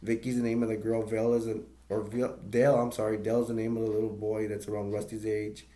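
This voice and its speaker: A man's voice: on the low side, little pitch movement, fast talker, dark tone. A man casually retelling a movie's plot as a reviewer, rambling with many fillers, restarts and brief laughs.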